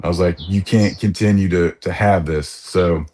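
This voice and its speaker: Frustrated fortyish man with a slightly low voice, on a coaching call. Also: fairly even intonation, moderate pace, darkish tone, a little hiss or hum. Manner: frustrated, retells conversations. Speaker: coaching client. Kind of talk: casual call.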